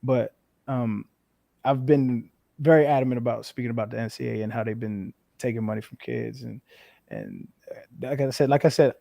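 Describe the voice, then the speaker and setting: A man in his thirties from New Mexico, a former football player, talking as an interview guest in a frank, profane way with lively storytelling. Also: mid-range voice, moderate pace, creaky, no echo. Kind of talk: casual interview chat.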